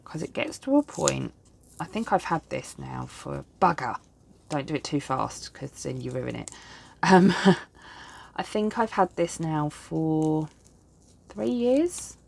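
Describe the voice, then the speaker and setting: Her low-pitched voice is expressive, gravelly, and a little mellow, and she takes her time. A woman in her thirties who makes planner videos, she's tired and keeps yawning while she sets up her planner at home, rambling in a chatty, self-deprecating way as she crafts.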